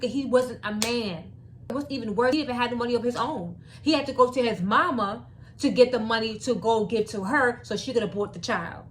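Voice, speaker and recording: A woman's voice: on the high side, fairly bright tone, slight background noise. A woman giving opinionated commentary in a vlog, preachy and repeating her points for emphasis. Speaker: commentary vlogger.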